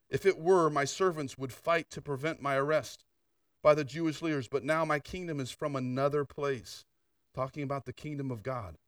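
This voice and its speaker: A man's voice: on the high side, fairly bright tone, dry recording, clean studio sound, far from the mic. An older man preaching a sermon in a conversational storytelling way, full of asides and questions to the congregation. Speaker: pastor.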